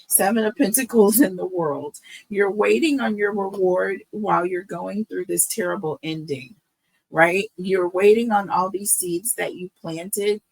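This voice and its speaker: A woman's voice: fairly low pitch, fairly bright tone, no echo, poor audio. A woman with a lilt giving a tarot reading, emotional and repeating herself, checking in with okay and right. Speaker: tarot reader.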